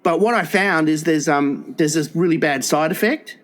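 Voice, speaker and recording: A man's voice: a little high, moderate pace, fairly bright tone. A man co-hosting a gross-out comedy podcast, spinning an absurd story full of restarts and fillers. His voice sits a little above the usual male range. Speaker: podcast co-host. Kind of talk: crude comedy podcast chat.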